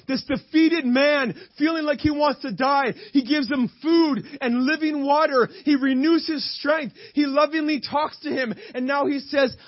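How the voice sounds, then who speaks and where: A man's voice: very high voice, dry recording, dull audio. A man preaching a sermon with fervent, repetitive emphasis, often calling out to the congregation for an "Amen.".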